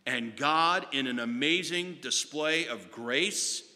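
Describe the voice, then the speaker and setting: A man preaching a sermon as pastor, moving from hushed words to loud ones and slowing down hard on key phrases. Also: mid-range voice. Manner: impassioned, swinging from hushed to loud with slow emphatic phrases. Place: church sanctuary. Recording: long reverb of a church sanctuary.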